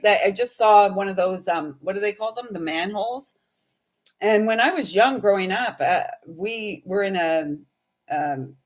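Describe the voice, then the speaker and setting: A woman hosting a casual spiritual livestream, chatting and rambling while reading viewer comments aloud. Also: medium pitch. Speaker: spiritual host and intuitive reader.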